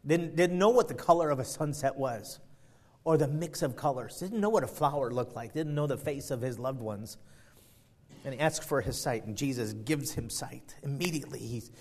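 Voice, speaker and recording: A man preaching a sermon, moving from a quiet prayer to loud, fervent emphasis as he retells a story. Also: mid-range voice, normal speed.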